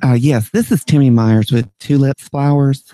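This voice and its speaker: A man's voice: mid-range voice, fairly even intonation, moderate pace, warm tone, no room sound, close to an everyday voice. A man playing a flamboyant florist who fusses about his weight, gushing and theatrical. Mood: chatty. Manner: gushing, theatrical, breaks into emotional wails. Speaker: prank caller. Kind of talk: prank phone call.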